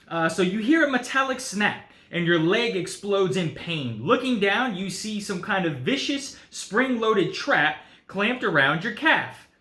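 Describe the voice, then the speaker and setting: Chatty bright-voiced male board gamer. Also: high voice, very animated, measured pace, hardly any pauses, reverberant. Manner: chatty, says guys and uh often. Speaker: board game channel host. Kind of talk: casual solo playthrough talk.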